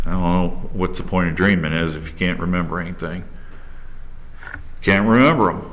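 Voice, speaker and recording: Animated man preaching. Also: fairly low pitch. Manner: animated preaching, acts out quoted characters. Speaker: pastor. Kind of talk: sermon. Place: church sanctuary.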